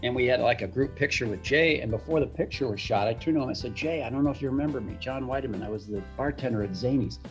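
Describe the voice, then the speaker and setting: A man's voice: mid-range voice, fast talker, hardly any pauses, faint music behind. A man telling a casual anecdote, chatty, repeating words as he goes and acting out the quotes. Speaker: guest storyteller.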